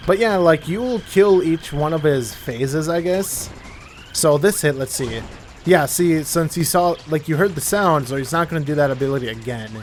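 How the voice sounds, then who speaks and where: Playing a video game, a young male commentator with a slightly high voice rambles along at a moderate pace. His talk is chatty, and he fixes his own wording mid-sentence more than once. There's a little hiss or hum in the audio.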